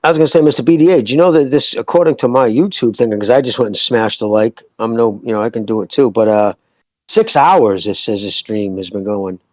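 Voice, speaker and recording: A man chats casually as a podcast co-host, relaxed and cursing offhandedly. His voice sits at an ordinary pitch. He comes through a dull, muffled line with a dry sound. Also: a little fast, no room sound. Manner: laid-back, cursing offhandedly.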